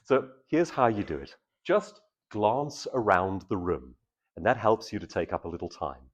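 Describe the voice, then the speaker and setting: A man's voice: fairly low pitch, lively intonation, normal speed, husky, muffled recording. A man, a public speaking trainer, giving a live workshop talk to an audience and shifting between intense and casual delivery.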